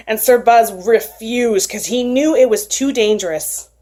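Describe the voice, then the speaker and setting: A woman retelling a folktale aloud in an expressive, animated storytelling manner. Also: on the high side, moderate pace, hardly any pauses.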